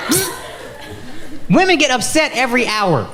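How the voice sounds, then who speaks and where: A man in his thirties doing stand-up comedy and crowd work, loud and animated, shouting his punchlines in put-on voices. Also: very high-pitched, normal speed, pauses often. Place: comedy club stage before a laughing crowd. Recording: roomy live club sound with loud crowd noise.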